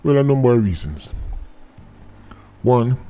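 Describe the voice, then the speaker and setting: A man's voice: medium pitch, expressive, a little slow, dark tone. A man with a Jamaican accent giving blunt, outspoken commentary on his vlog, slipping into patois. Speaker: vlogger.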